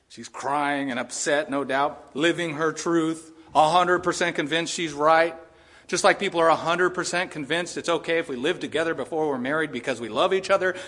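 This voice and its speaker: A man's voice: a little high, fairly bright tone. Earnest man preaching a sermon. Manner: earnest and conversational, with asides and chuckles. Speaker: pastor.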